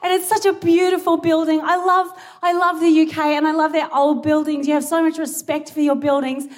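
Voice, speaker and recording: A young Australian stand-up comedian performs live on a large theatre stage into a stage mic, her high voice level in tone and fairly quick. She's giggly, rambling and sweary with a self-mocking edge, and the live recording carries audience laughter and crowd noise.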